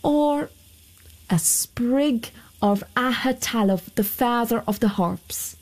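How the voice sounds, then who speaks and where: A woman voicing a sly, smooth-talking soldier who wheedles and flatters. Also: on the high side, slow pace, pitched above the performer's own voice. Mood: wheedling.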